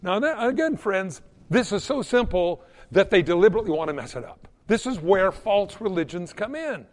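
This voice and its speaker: Male preacher, high and very animated delivery, emphatic sermon in a reverberant sanctuary. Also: moderate pace. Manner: emphatic, swinging between loud peaks and hushed drops.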